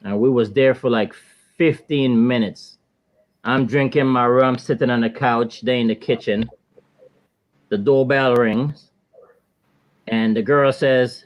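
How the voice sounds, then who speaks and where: A man in his thirties from the Virgin Islands with a Caribbean accent, telling a laid-back, animated story as a guest on a casual panel. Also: medium pitch, slow, long pauses, muffled recording.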